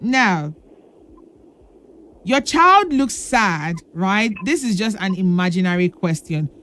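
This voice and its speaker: A woman's voice: mid-range voice, sing-song, takes it slowly, fairly bright tone. A woman hosting a children's radio call-in show, playful and teasing, laughing often and calling the callers pet names. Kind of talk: lively radio call-in chat.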